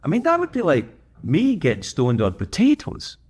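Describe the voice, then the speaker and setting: A man's voice: fairly high pitch, wildly swooping pitch, moderate pace, husky. A man hosting a livestream, telling rambling, self-correcting stories in casual chat while gaming. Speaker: livestream host.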